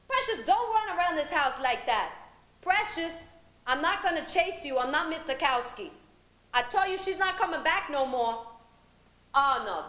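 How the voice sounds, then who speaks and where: A woman playing a loud, gossipy older woman who scolds and minds a small child, in a one-woman stage comedy. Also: sits high, roomy sound. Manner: brash, scolding, quick-tempered. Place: theater stage.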